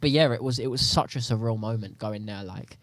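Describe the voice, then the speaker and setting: A young man, a podcast guest, talking in a rambling, animated way in casual chat. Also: lowish voice. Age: young adult. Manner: fast, rambling, animated storytelling.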